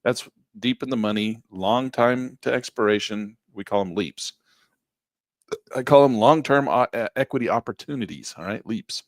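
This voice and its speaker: A middle-aged man giving a live trading lesson in a folksy, upbeat way, losing his voice and clearing his throat. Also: mid-range voice, moderate pace, dry recording, studio quality. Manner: folksy, upbeat, talks while clicking through charts. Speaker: trading instructor.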